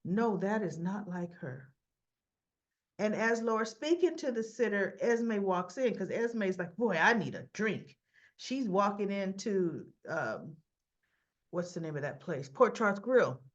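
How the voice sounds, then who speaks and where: A chatty, opinionated woman in a casual recap. Her voice sits at an ordinary middle pitch, and she keeps slipping into the characters' lines. The sound is a little dull, as if recorded at home on a computer. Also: expressive, a little slow. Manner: chatty and opinionated, retells scenes acting out lines. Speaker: soap opera recap host. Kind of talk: casual chat.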